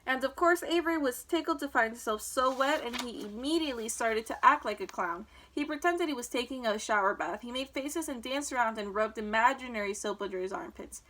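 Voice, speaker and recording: A woman reading a children's book aloud with clear, expressive storytelling. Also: fairly high pitch, fairly quick, hardly any pauses, rough recording.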